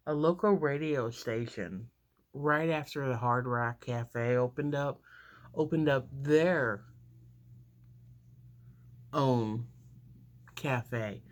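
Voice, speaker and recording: A woman in her fifties telling a story casually while doing her makeup, rambling with lots of fillers and restarts. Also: very deep voice.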